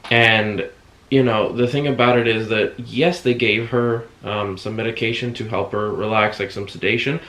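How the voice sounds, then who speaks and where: A man casually retelling a hospital visit, acting out other people's words. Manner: animated retelling, acts out quotes with sudden high shouts. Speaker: vlogger recounting a hospital visit. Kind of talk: casual storytelling. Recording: echoey room.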